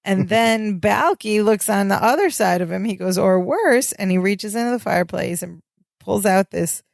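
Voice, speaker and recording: A woman with a gravelly, creaky edge to her voice co-hosts a sitcom rewatch podcast. She narrates scenes step by step in a relaxed, chatty way. The sound is dry and close. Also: mid-range voice, moderate pace, dry recording. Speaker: podcast co-host. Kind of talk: casual chat recapping a sitcom episode.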